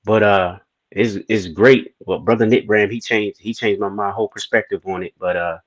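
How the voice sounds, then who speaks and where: A man with a lowish voice, recorded with a dry, close sound. He co-hosts a podcast in casual chat. He talks in an earnest, conversational way. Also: fairly even intonation, normal speed, no echo, highs cut off. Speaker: podcast co-host.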